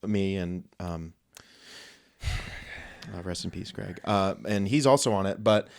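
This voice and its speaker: A man's voice: low-pitched, slow pace, vocal fry. A man co-hosting a casual podcast from a room at home, joking and teasing on a mic stand. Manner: joking, teasing, self-mocking. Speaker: podcast co-host.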